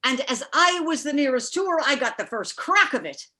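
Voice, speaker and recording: A woman with an Irish accent telling a folksy story to a live audience over a video call, lively and playful. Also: sits high, moderate pace.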